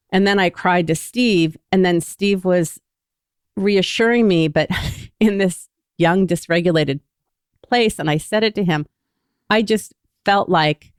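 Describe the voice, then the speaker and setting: A woman in her sixties speaks in a low, clear, resonant voice. She talks openly and thoughtfully through her own feelings, like a former therapist telling a personal story. The sound is dry and close. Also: dry recording. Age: 60s. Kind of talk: personal storytelling in a candid podcast conversation.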